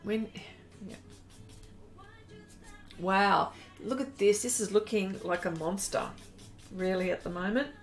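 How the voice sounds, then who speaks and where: During a live-stream painting demonstration, an Australian woman chats and giggles, reading out comments and saying hello to viewers by name. She speaks slowly in a mid-range voice, pausing often, while faint music plays in the background.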